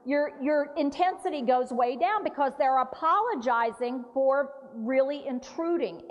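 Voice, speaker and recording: A woman trainer coaches a room of caregivers, giving direct instructions and modeling short phrases for them to repeat. Her voice sits a little high. The sound carries a long reverb from a large hall. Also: muffled recording. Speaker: dementia care trainer. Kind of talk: hands-on workshop instruction.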